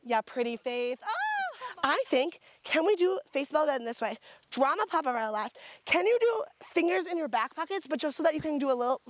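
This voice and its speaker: A woman's voice: high-pitched, animated, fairly quick, no room sound. A woman directing a photo shoot, bubbly and gushing with enthusiastic praise as she calls out poses. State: sucking on a throat lozenge.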